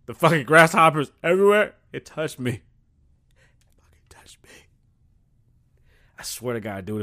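A man hosting his own show in a casual comedic monologue. He is profane and rambling, and swings between loud outbursts and muttered asides. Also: medium pitch. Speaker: podcast host.

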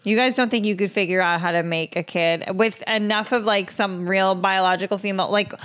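A woman's voice: mid-range voice, fairly even intonation, fairly quick, a bit bright, smooth. Blunt, teasing woman podcast host. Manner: blunt, provocative questions, frequent laughs. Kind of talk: comedic casual chat.

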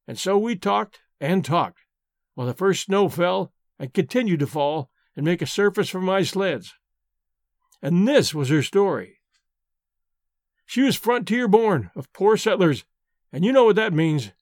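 A man voices an old storyteller, earnest and a little solemn, reminiscing over his glass. The voice sits high for a man, recorded dry and close with no room around it. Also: expressive, unhurried, dry recording. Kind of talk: audiobook reading.

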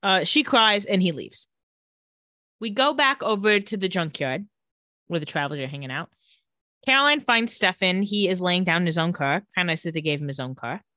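A woman's voice: fairly low pitch, lively intonation, moderate pace, sharp tone, dry recording. A woman co-hosts a casual recap podcast, playful and sassy, with a voice that rises and falls a lot. The sound is dry and close. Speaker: podcast co-host.

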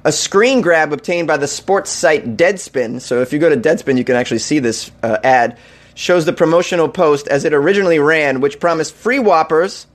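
A male comedy news host riffs on odd headlines in a mocking, incredulous way. He laughs often between lines, and his voice sits a little higher than most men's. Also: normal speed.

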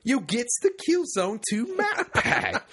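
A sick man reading a letter aloud in a deliberately botched jolly British accent that blends every accent together, slow and exaggerated. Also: extremely high pitch, huge pitch swings, fairly bright tone, slightly rough, voice pushed up, full character voice. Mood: mock-pompous. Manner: slow, exaggerated, laughing through the lines.

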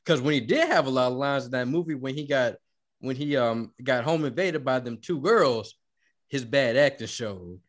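A man's voice: mid-range voice, normal speed. A man hosting a casual podcast, laid-back and profane as he leads each segment. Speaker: podcast host. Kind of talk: casual chat.

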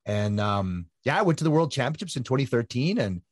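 A man in his fifties telling his story in a casual interview, animated, with many fillers and restarts. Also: mid-range voice, fairly quick, no room sound, clean studio sound. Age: 50s. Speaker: guest, ultra-endurance triathlete.

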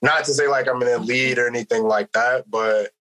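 A man joins a podcast as a guest over his phone. He speaks in a soft, hesitant way with many ums. His voice sits at a middle pitch with a bright, tense tone. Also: fairly even intonation, a little fast, poor audio. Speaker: podcast guest, run club co-founder. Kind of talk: casual chat.

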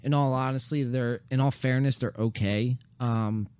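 A young man hosting a casual podcast, rambling and profane with many fillers, his voice going hoarse. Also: medium pitch, steady tone, normal speed, a little mellow. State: losing his voice. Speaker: podcast host.

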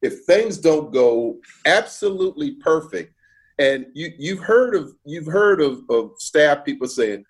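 A man telling a story with animated asides and chuckles in a casual conversation. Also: a little high, a little slow. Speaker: former basketball broadcaster, guest.

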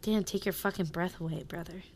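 Animated woman in casual podcast chat. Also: lowish voice, brisk, a little hiss or hum. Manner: animated, swears, many fillers. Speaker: podcast co-host.

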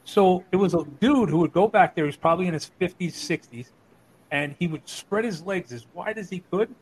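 A man's voice: high voice, moderate pace, a little hiss or hum, poor audio. A middle-aged man telling crude stories in casual chat, acting out the voices of the people in them. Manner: animated, acts out voices in his stories. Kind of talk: profane storytelling chat.

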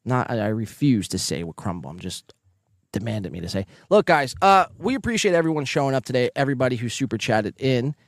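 A man with a Northeastern American accent hosting a live podcast, casually reading chat messages aloud, joking and swearing, with sudden loud bursts. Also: mid-range voice, fairly quick, dry recording, studio quality. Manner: profane, joking, animated bursts. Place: home, near neighbors.

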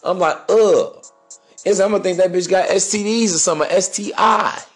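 A man with a slightly high voice holds forth on dating, swaggering and preachy, dropping crude words with total confidence. Faint music runs behind him. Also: quick pace, a bit bright. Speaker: podcast host. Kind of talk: dating advice monologue.

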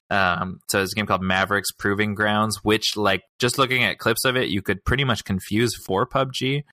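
Bright-voiced man chatting on a podcast. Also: lowish voice, fairly even intonation, a little fast, no echo. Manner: rambling, many fillers and restarts. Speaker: podcast co-host. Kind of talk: casual chat.

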